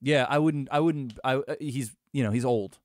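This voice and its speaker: A man's voice: mid-range voice, moderate pace, no echo. A man co-hosting a podcast in casual crude banter, hesitant and stumbling, often repeating his words. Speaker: podcast co-host.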